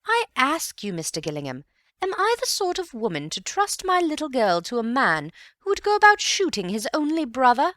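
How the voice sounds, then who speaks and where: Pushing her voice up into an exaggerated, high, fairly bright register, a woman voices an audiobook's gossipy society mother, middle-aged, gushing and indignant. Her pitch swoops wildly at a normal pace in an emphatic reading. The studio-quality track has no echo.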